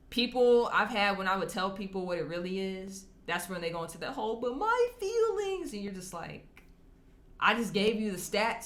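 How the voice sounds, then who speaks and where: A woman talking casually to camera as a vlogger answering viewer comments, chatty and candid, often laughing as she talks. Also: mid-range voice. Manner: animated, acts out quoted people in shifting voices.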